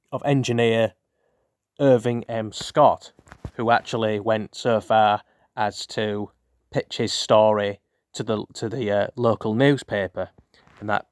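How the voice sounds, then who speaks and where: A man's voice: lowish voice, dry recording, clean studio sound. A man hosting a casual spoken history show, rambling with many fillers and restarts. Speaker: host.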